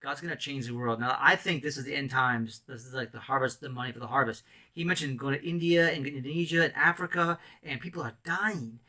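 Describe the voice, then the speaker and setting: A man's voice: medium pitch, a little fast, sharp tone. A man in ministry giving an impassioned, rambling testimony sermon full of restarts and emotional outbursts. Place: island mission.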